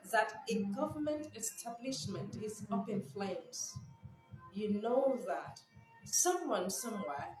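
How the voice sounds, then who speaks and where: Laughing, animated woman commentator. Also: fairly high pitch. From Nigeria. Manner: animated, incredulous, laughs often. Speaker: news commentator. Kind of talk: casual commentary vlog. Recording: echoey room with background music.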